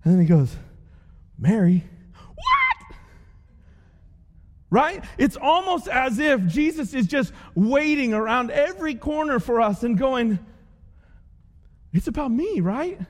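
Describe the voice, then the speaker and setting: Animated high-voiced man preaching. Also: moderate pace, slight background noise. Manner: animated storytelling with playful character voices. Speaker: pastor. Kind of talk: sermon. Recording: long hall reverb.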